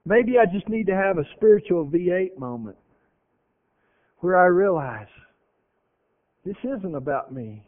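A male preacher delivers an earnest, emphatic sermon in a very high voice, repeating phrases to drive points home. The sound is thin and tinny, like a radio broadcast carried over a phone line. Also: expressive, a little slow, pauses often.

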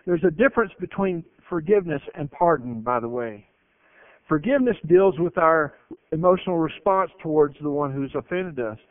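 A man's voice: fairly high pitch, moderate pace, dry recording. Emphatic preacher man, tinny dry sound. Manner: emphatic, with animated storytelling. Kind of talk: sermon. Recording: narrow phone-like broadcast sound, dry.

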